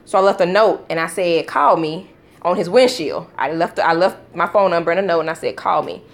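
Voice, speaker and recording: A woman casually telling a storytime vlog at home, acting out quotes with sudden pitch jumps and breaking off to talk to her young children. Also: fast. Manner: talks to her toddlers between story bits. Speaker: vlogger.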